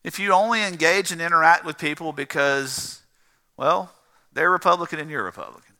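A man's voice: fairly high pitch, fairly quick, pushed and bright. A man with a South Georgia accent preaching a sermon as pastor, earnest, repeating phrases and building emphasis. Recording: long reverb of a large hall.

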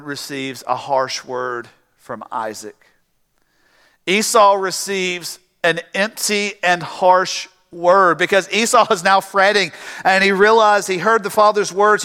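A man's voice: high voice, sharp tone, clear, resonant tone, in a large hall. A man preaching a sermon, reading scripture aloud and now and then acting out pleading characters. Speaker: pastor.

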